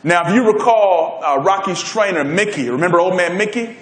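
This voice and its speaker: A man's voice: high voice, brisk, roomy sound. A man giving a motivational keynote speech at a conference, telling a story and getting the audience involved. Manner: energetic, storytelling, crowd-engaging. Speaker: keynote speaker. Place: conference hall.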